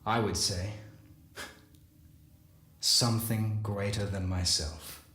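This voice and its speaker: A man with a fairly low voice reads a first-person story in a slow, measured way and pauses between phrases. The recording is roomy, with a clear echo around him. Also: fairly even intonation, pushed and bright. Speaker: lore reader. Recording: echoey room.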